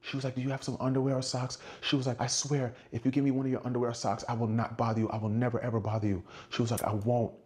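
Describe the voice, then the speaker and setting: A man's voice: flat delivery, very fast, few pauses, a little mellow. Man telling a wild story. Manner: acts out quotes, shifts pitch for dialogue. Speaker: storyteller in a played clip. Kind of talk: animated storytelling.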